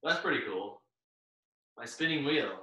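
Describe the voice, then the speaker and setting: Winded, upbeat fitness instructor, echoey room. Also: male voice, mid-range voice, animated, a little slow, sharp tone. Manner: upbeat, cheering on participants by name while exercising. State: out of breath. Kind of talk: live online workout class coaching. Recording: very echoey room, far from the mic.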